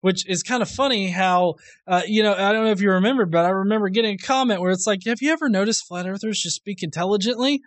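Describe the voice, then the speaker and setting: A man's voice: high voice, fast, few pauses, no room sound. A man hosting a reaction commentary video, sarcastic and profane, laughing often at what he responds to.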